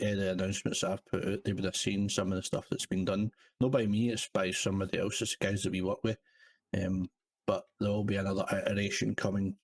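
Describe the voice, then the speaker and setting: A man's voice: on the low side, darkish tone. A man chatting casually as a podcast guest, rambling and swearing. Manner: sweary, rambling, lots of "you know what I mean". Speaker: guest, server owner.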